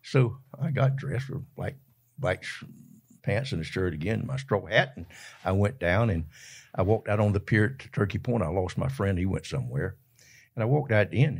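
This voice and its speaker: An older man from Georgia, USA, speaks with a Southern Georgia accent in a low, gravelly, slightly rough voice. As a folksy interview guest, he tells colorful stories with animation, often laughing mid-sentence.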